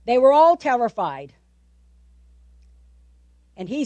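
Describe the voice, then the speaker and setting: A woman preaching a sermon, animated, repeating words for emphasis and asking the listeners questions. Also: fairly high pitch, unhurried, pauses often, no echo.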